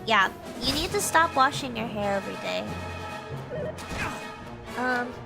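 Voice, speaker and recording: A woman's voice: a little high, animated, a little slow, gravelly, over loud music. A woman with a Texas accent chatting casually on a live stream. She laughs often, answers chat and restarts her sentences, and her nose is a little stuffy. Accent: Texan. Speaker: VTuber streamer.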